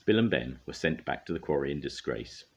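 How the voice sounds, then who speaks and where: An older man, a grandfather, reading a children's storybook aloud in a gentle, expressive way. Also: extremely low pitch, brisk, husky.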